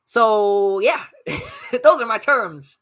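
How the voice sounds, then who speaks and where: Podcast host, young guy, lively pitch, bright voice, blunt and profane rambling. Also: drawn-out words. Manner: blunt, profane, animated, mocks others in put-on voices. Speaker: podcast host reading live chat. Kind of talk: casual rambling chat.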